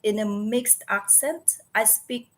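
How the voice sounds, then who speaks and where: Slow and medium-pitched, a woman in her forties hosts a relaxed livestream at her computer. She's from the Philippines, speaks Tagalog natively, and has a Filipino accent; her earnest talk is full of pauses to search for words and self-corrections.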